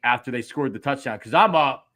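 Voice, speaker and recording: A man's voice: mid-range voice, animated, fairly quick, a bit bright. A middle-aged man, hosting a casual sports talk show and getting worked up as he acts out his own reactions. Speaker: podcast host.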